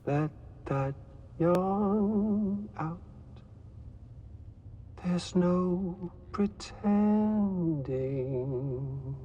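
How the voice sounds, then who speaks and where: A woman singing a tender, slow lullaby in a game soundtrack. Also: fairly low pitch, mellow, dull audio, a little hiss or hum.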